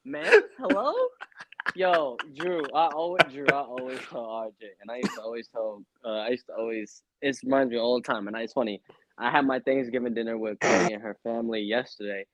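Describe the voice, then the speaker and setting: A young man co-hosting a casual wrestling podcast, loud and joking, often slipping into mocking voices. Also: medium pitch, no echo. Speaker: podcast co-host.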